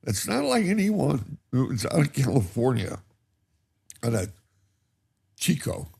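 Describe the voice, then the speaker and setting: A man's voice: medium pitch, big pitch swings, slow, creaky, darkish tone, breathy edge. An older man, a guest in a casual chat, telling stories animatedly and laughing often. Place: cannabis company campus studio.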